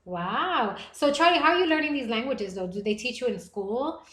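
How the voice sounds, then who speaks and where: Animated woman hosting a livestream. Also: on the high side, moderate pace. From United States. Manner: animated and playful, with gasps and bursts of laughter. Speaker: livestream podcast host. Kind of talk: casual livestream chat reading viewer comments. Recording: echoey room.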